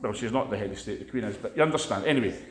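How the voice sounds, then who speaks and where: A man's voice: on the low side, rapid-fire, reverberant. A man with a Scottish accent preaching a conversational sermon, telling stories in a chatty, anecdotal way.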